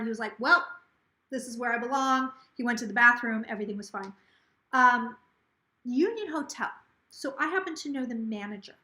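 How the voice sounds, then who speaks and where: A woman's voice: on the high side, a bit bright, reverberant. A tipsy woman hosting a casual psychic livestream on her phone, rambling and gossipy, swearing freely and slurring a little.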